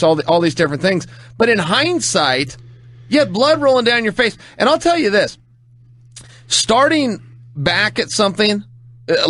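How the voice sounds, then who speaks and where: A man's voice: high voice, fairly bright tone, no room sound. A man co-hosting a podcast, talking in an earnest, explanatory way with rising emphasis. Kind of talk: casual podcast chat.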